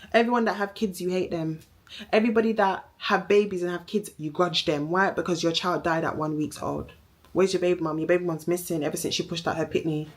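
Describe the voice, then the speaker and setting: Young jamaican woman going off in a callout vlog, fairly low voice, cussing and repeating herself. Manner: heated, accusing, repetitive, swearing. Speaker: vlogger. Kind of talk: angry social media callout rant.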